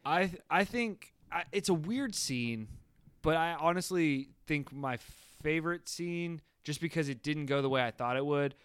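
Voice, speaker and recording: A man's voice: fairly high pitch, expressive, normal speed, fairly bright tone, smooth, no room sound. A man casually reviewing a horror movie with friends, rambling and laughing as he acts out quotes. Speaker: podcast co-host.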